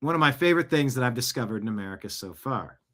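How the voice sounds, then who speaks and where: A man's voice: mid-range voice, lively intonation, fast talker, fairly bright tone, close to an everyday voice. A man putting on a casual young British man's voice, with a wavering, inconsistent accent. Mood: chatty.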